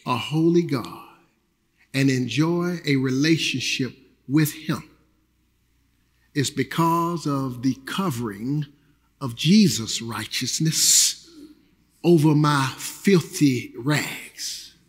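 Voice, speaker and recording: A man preaching a sermon as pastor, energetic and earnest, repeating phrases and swinging between loud calls and quiet lows. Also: slow, pauses often, husky. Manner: repeats phrases and restarts with a casual preaching rhythm. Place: church sanctuary. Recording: long church hall reverb.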